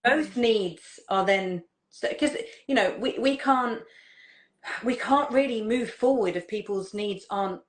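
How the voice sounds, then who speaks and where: A woman hosting as a parenting coach, talking in a relaxed, halting way with frequent restarts and repeated words. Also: fairly high pitch. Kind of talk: casual conversational chat.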